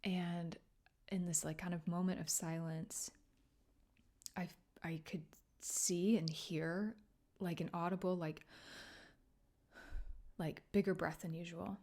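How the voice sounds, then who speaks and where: A woman podcast host telling a personal story in a soft, halting, tearful way, often dropping to a whisper. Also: lowish voice, steady tone. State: emotional, near tears. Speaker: podcast host and grief coach. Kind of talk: personal solo podcast monologue.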